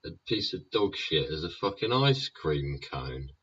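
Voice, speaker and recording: Low, slow, husky male host, sweary rambler, lo-fi sound. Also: big pitch swings, fairly bright tone. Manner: rambling, profane, keeps tagging lines with "yeah?". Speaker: YouTube show host. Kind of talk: sweary ranting monologue. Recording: dull lo-fi recording.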